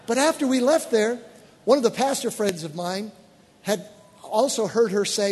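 Male pastor, high voice, animated sermon storyteller, echoing church hall. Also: moderate pace, breathy edge. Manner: animated, exclaiming storyteller with bursts of excitement.

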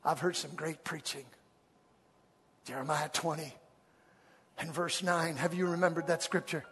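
A man's voice: fairly high pitch, flat delivery, measured pace, a bit bright, long reverb tail, a little hiss or hum. A man preaching a sermon in a church, with an emphatic, repetitive cadence.

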